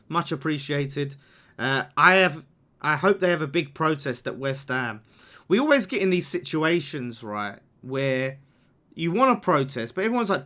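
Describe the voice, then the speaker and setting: A young man hosting a live football watchalong, reacting to the game, swearing and reading out viewer messages. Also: on the high side. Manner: chatty, swears, reacts loudly to the game and reads super chats. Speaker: fan channel watchalong host. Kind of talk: live match watchalong commentary.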